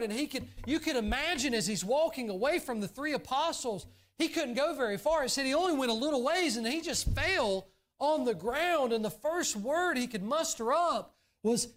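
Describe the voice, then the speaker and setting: High-voiced Southern pastor preaching. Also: male voice. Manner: earnest preaching, swinging from soft low asides to raised emphatic bursts. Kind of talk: sermon. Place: church sanctuary.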